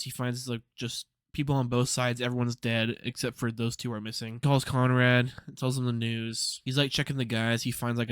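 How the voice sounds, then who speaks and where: A young man gives a loose, rambling recap of a TV episode, peppering it with fillers and swearing. His voice is smooth and clear. The recording is close and dry. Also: medium pitch, dry recording. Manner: casual, rambling, swears freely, lots of "like". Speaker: TV episode reviewer. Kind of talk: casual spoiler recap.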